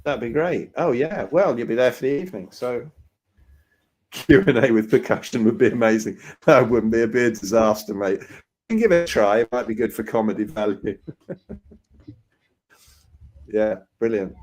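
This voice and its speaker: A man's voice: mid-range voice, normal speed, pauses often, a little mellow. Jokey man hosting a video-call Q&A. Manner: jokey, teasing banter. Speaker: host. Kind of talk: casual online Q&A.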